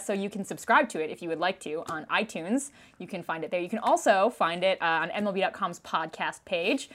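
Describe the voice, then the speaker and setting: A woman's voice: mid-range voice, a bit bright. A woman hosting a casual podcast chat, laughing often as she talks. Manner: giggly, laughs often between lines. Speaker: podcast host.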